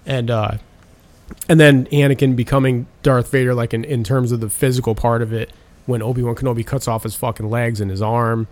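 A man's voice: mid-range voice, fairly quick. Man rambling through a profane retelling. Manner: animated retelling of film scenes. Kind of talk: casual chat.

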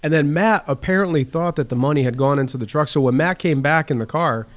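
A man spins an anecdote for his podcast co-hosts in a slightly high voice. He laughs through the telling and swears constantly. The delivery is loose and animated. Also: fast. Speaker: podcast co-host telling a story. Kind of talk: casual profane storytelling.

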